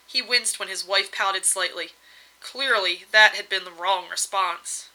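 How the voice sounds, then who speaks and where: A woman narrating a fantasy story aloud in a gentle, measured way. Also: medium pitch, rough recording. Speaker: reader.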